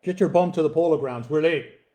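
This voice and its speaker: A man's voice: fairly high pitch, brisk, mellow, natural voice. A man doing a brash Irish ballplayer. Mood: hearty.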